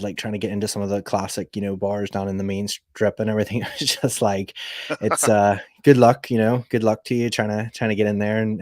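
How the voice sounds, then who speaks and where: A man's voice: lowish voice, a little mellow, dry recording, studio quality. A man with a Northern Irish accent, a podcast guest chatting casually and rambling with lots of "like" fillers. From Northern Ireland. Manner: rambling, heavy use of "like" fillers. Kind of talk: casual conversational storytelling.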